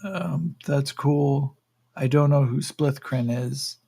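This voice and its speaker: A man's voice: medium pitch, takes it slowly, vocal fry, warm tone, breathy edge, pitched above the performer's own voice, heavily acted. A man voicing a naive, meek young human juicer who talks hesitantly and eagerly. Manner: hesitant, eager to please, trailing ums.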